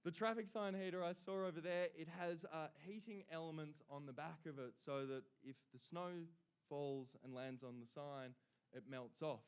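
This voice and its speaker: A man's voice: fairly high pitch, moderate pace, smooth. A man announcing award winners at a live ceremony, cheering them on and adding chatty asides between names.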